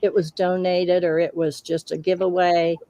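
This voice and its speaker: Dark-voiced woman hosting a craft livestream. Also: on the low side, level tone, normal speed, no room sound. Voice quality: laughs often while reading chat. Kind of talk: casual livestream chat.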